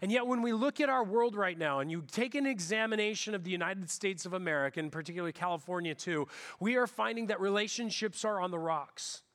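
A man's voice: high-pitched, a bit bright. A middle-aged male pastor giving a conversational sermon in a church, chatty and self-deprecating, often restarting his sentences. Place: church sanctuary.

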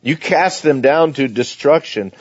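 A man's voice: mid-range voice, measured pace, husky, no room sound. Male pastor preaching, dull dry sound. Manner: reads scripture aloud, then explains it conversationally. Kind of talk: sermon.

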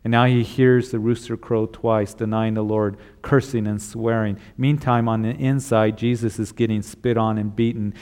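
A man's voice: on the low side, flat delivery, normal speed, few pauses, a little mellow. A middle-aged male pastor preaching a sermon, asking a string of rhetorical questions and acting out the voices he quotes.

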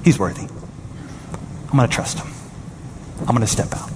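A man in his thirties, a pastor preaching a sermon in a church, animated and acting out his own panic in high exclaims. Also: normal speed, background noise. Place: church sanctuary. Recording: reverberant hall with faint ambience.

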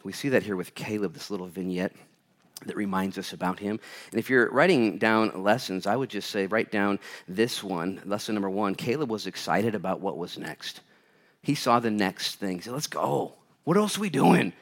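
A man preaching a sermon as pastor to a live audience, swinging between loud urgent bursts and hushed quiet lines. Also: fairly low pitch, moderate pace.

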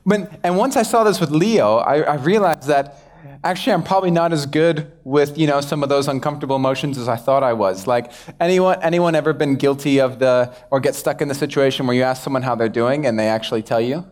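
A man's voice: medium pitch, a little fast, a little mellow. A young man, a pastor, giving a casual, self-deprecating sermon and acting out quoted exchanges. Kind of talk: conversational sermon.

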